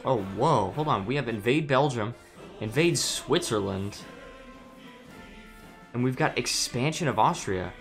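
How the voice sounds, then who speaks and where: A man's voice: mid-range voice, lively intonation, measured pace, long pauses, fairly bright tone, soft background music. Man thinking aloud over a strategy game. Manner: musing aloud, hesitant, frequent restarts. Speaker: streamer. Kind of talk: casual game commentary reading chat.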